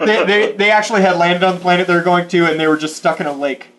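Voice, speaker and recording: Laughing, rambling high-voiced man. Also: fairly even intonation, fast talker, noisy background. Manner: laughing, rambling, trailing off mid-sentence. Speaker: podcast co-host. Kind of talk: casual chat.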